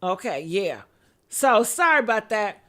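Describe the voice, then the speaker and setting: A woman hosting a live-stream celebrity gossip vlog, sassy and animated, calling her viewers honey. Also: mid-range voice, measured pace. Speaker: gossip vlogger. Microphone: earpiece.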